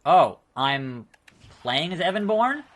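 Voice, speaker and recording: A man casually commenting while playing a wrestling video game, chatty and quick to react out loud. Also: fairly high pitch, big pitch swings, slight background noise. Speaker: gaming video host. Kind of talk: casual let's play commentary.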